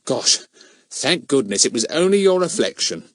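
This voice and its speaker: Reading an audiobook, a man voices a cheeky, clever schoolboy detective with a mock-innocent, teasing manner. It's very animated at a moderate pace, medium in pitch, pitched above his own voice yet natural, with studio quality and no echo.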